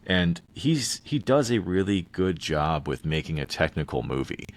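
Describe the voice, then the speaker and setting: A man's voice: sits low, very animated, moderate pace. A man in his thirties co-hosting a podcast, chatting casually about a film and rambling with frequent restarts. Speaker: podcast co-host. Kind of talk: casual movie review chat.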